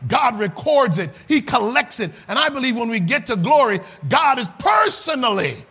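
A man preaching a sermon, rising to shouts and then dropping low and soft. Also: sing-song, normal speed, hardly any pauses, breathy edge.

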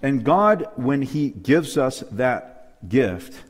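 A man's voice: mid-range voice, big pitch swings, drawn-out words, long reverb tail. A man preaching a Bible lesson to a live and online audience, emphatic, asking questions and calling for amens. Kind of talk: sermon.

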